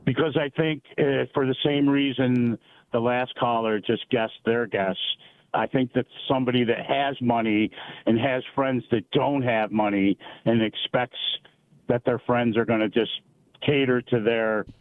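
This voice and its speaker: A man's voice: medium pitch, steady tone, measured pace, no echo. Casual male caller on a tinny phone line. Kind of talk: phone call to a radio show.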